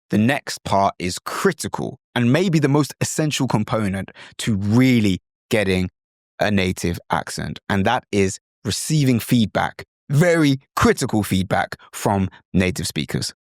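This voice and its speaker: A British man hosting an instructional podcast, talking in a lively, demonstrative way and sometimes slipping into mimicked accents. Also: on the low side, no room sound, clean studio sound. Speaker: podcast host.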